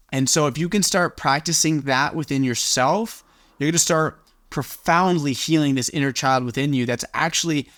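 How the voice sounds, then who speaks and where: A man's voice: medium pitch, fairly bright tone, no echo. Earnest male self-help coach, dry sound. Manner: earnest and coaching, loose with filler "like". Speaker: confidence coach. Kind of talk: motivational self-help teaching.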